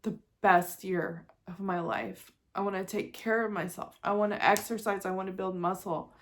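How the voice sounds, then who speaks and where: Speaking at a moderate pace with a steady, medium-pitched voice, this vlogger, a woman probably in her forties, chats openly and with feeling to the camera. Now and then she laughs at herself.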